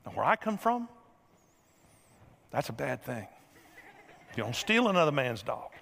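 A middle-aged man preaching a sermon, telling a folksy story and acting out the scenes with lively energy. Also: medium pitch, unhurried, gravelly, a little hiss or hum. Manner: folksy, animated storyteller who acts out scenes. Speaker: pastor. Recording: reverberant large hall.

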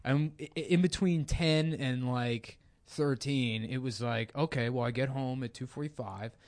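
A man's voice: mid-range voice, measured pace, a little mellow. A man on a comedy podcast, rambling through anecdotes with lots of fillers and laughing as he goes. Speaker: podcast host. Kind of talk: casual comedic chat.

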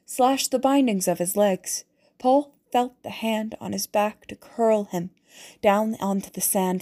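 A woman reading a novel aloud as audiobook narrator, in a measured, deliberate way. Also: mid-range voice, mellow.

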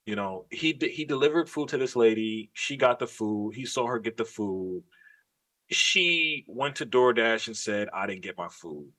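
A man's voice: medium pitch, lively intonation, a little slow, fairly bright tone. Guy on a podcast, swearing a lot, telling a story, casual and emphatic. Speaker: podcast co-host.

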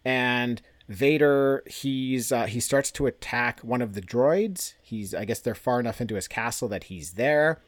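A man's voice: mid-range voice, a little slow, hardly any pauses, dry recording. A man co-hosting a podcast, casually recapping a comic with lots of laughter and filler words. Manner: laughs often, rambling with fillers. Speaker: podcast co-host.

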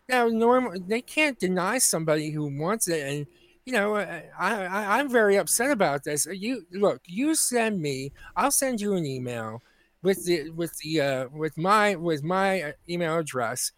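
High-voiced indignant man telling a story. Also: unhurried, dry recording. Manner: animated storytelling, indignant, acts out quoted people. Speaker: podcast co-host. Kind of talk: casual comedic chat.

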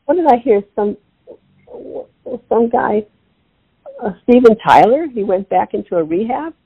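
An older woman tells an animated story over a tinny phone line. Her voice is raspy and gravelly, sitting a little higher than typical. She acts out each quoted line. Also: measured pace. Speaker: author and interview guest.

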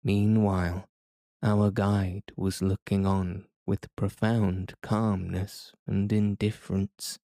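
Slow, deep-voiced male audiobook narrator. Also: little pitch movement, warm tone, no room sound, clean studio sound. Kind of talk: scripted narration.

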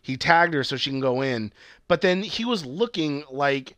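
A man's voice: fairly high pitch, animated, moderate pace, fairly bright tone, dry recording, studio quality. A man co-hosting a casual chat about a TV show, rambling and swearing, with lots of fillers and restarts. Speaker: podcast co-host.

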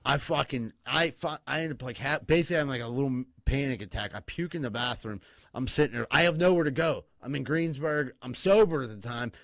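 A man's voice: mid-range voice, a little fast, vocal fry. A man spinning a rowdy story on a casual podcast, swearing freely and getting worked up as he goes. He laughs his way through it. The sound is dry and close, with no room echo. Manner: profane, excitable, laughing storyteller. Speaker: podcast co-host.

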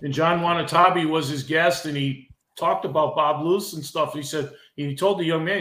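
Brief: emotional middle-aged veteran wrestler, a touch high, impassioned with stumbling restarts, echoey room. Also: male voice, normal speed, hardly any pauses, sharp tone. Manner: impassioned, repeats and restarts words. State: emotional, getting heated. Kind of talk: podcast interview.

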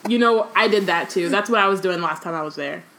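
A woman co-hosting a book podcast, telling stories in a relaxed way with lots of fillers. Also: lowish voice, fast. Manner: relaxed, filler-heavy storytelling. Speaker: podcast co-host. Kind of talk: casual chat and reading aloud from a book.

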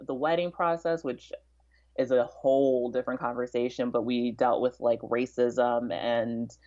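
A woman's voice: extremely low pitch, steady tone, measured pace, mellow, dull audio. A woman chatting as a podcast guest, talkative, with frequent fillers and restarts. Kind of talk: casual interview chat.

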